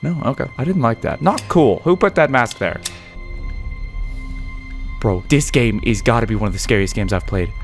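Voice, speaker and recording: Lively, excitable gamer guy. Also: medium pitch, moderate pace, long pauses. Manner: excitable, jumpy, talks to viewers. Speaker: gaming YouTuber. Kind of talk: let's play commentary. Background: faint game music.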